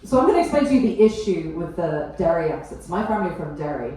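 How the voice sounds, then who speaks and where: A woman's voice: on the low side, big pitch swings, fast, dark tone. A woman with an Essex accent doing stand-up crowd work on a club stage, cheeky and teasing the audience. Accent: Essex English. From England. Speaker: stand-up comedian. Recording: echoey room, mic heard from far. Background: audience laughter.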